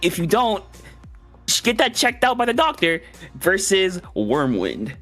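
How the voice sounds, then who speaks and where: A man's voice: high-pitched, wildly swooping pitch, unhurried, a bit bright, faint music behind. A man giving laid-back, joking color commentary on an online video game tournament. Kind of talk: esports commentary.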